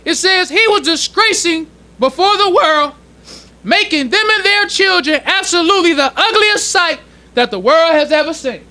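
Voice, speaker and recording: Preaching to his temple congregation, a minister uses a strikingly high voice, bright and sharp, with lively intonation. He teaches in loose, casual street-level talk, but deliberately slows down each time he reads a passage aloud.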